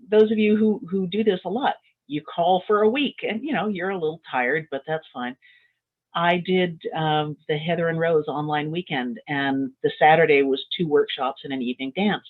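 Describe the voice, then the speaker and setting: A woman and dance caller talking casually on a panel over a video call, chatty, with her pitch swinging up and down. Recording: tinny phone-like line.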